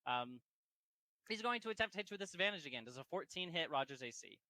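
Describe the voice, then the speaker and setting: A man serves as game master for a tabletop game, laughing and swearing as he narrates. His voice is bright and forward, and the dry, close recording has almost no room sound. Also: a little high, animated, fast talker, dry recording. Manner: casual, laughing, swears freely.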